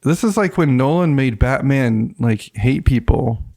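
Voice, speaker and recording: A man's voice: mid-range voice, lively intonation, unhurried, a little mellow. A man hosting a board game podcast, bantering casually and laughing often. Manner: joking banter with frequent laughter. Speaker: podcast host. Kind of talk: casual chat.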